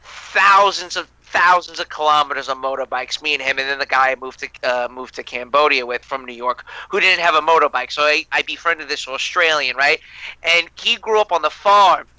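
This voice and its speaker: A male guest in a casual chat, crude and excitable, often mimicking other people's voices. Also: a little high, normal speed, no room sound, rough recording. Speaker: guest, channel founder.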